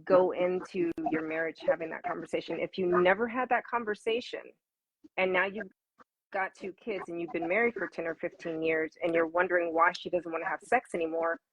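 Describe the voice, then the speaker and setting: A woman answering interview questions as an intimacy coach, animated and laughing, often repeating words for emphasis. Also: on the low side, fairly quick, husky, no room sound, low-quality recording.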